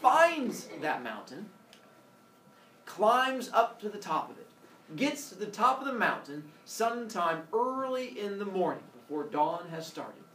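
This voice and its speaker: A man telling a story to listeners in a lively, jokey way. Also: sits high, unhurried. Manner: animated, jokey retelling of myth. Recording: echoey room, distant mic, faint hiss.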